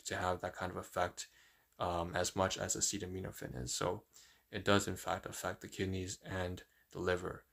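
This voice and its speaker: A man on a casual live stream who reads a leaflet aloud haltingly, thinks aloud with frequent fillers and stumbles over long words. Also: low-pitched, little pitch movement, gravelly, fairly bright tone. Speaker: livestreamer.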